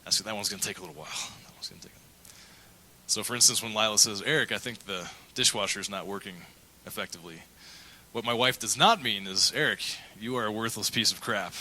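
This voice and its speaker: A man's voice: lowish voice, fast, sharp tone, rough recording. A middle-aged male pastor preaching a sermon, telling a candid personal story and acting out the quotes. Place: church.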